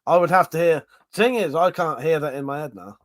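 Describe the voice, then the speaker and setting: A man's voice: on the high side, no room sound. A man hosting a livestream, casually chatting, reading viewer comments and laughing often through crude banter. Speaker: livestream host.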